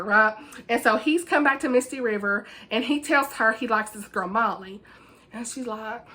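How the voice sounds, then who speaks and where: Bright, chatty woman book vlogger. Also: a little high. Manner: chatty, gushing, giggly asides. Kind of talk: casual book review chat.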